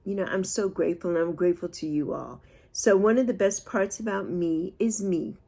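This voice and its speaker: A woman in her sixties talks to camera unscripted, casually and emotionally addressing her viewers as a vlogger. Her voice is fairly low, warm, and moderately paced, and she rambles and laughs at herself.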